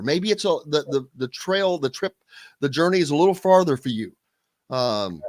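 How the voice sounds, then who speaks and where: Blunt, rambling sports radio host. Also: male voice, fairly high pitch, a bit bright, no echo. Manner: rambling, blunt, with many restarts. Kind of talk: casual sports radio talk.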